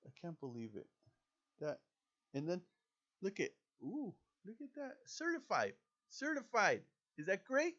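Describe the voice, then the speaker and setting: A man talking loosely to his viewers while he plays, chatty and quick to poke fun at himself. His voice sits a little high for a man and swings widely in pitch, jumping up when he gets excited. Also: dull audio. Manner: chatty, self-deprecating, excitable. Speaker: gaming YouTuber. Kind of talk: casual gameplay commentary.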